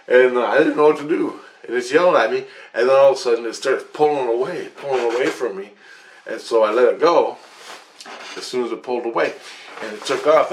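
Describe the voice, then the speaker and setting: A man's voice: medium pitch, fairly quick, reverberant, slight background noise. A man vlogging a rambling account of a dream, repeating himself, restarting sentences and swearing often. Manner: repetitive with restarts and frequent swearing.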